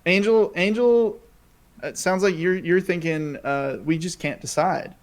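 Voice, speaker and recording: A man with a slightly high voice co-hosts a casual gaming podcast. He tells stories loosely, full of "uh" and "like", and often breaks into laughter. He sounds relaxed and chatty on a podcast mic. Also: unhurried. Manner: laughing storyteller, many fillers. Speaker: podcast co-host. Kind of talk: casual chat.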